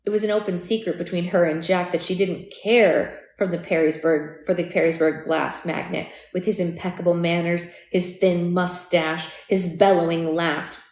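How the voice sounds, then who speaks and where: A woman's voice: fairly low pitch, fairly even intonation, normal speed, hardly any pauses, a little mellow, roomy sound. A woman hosting a live book club reading, reading steadily and now and then breaking off to chat or correct herself. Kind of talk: live read-aloud.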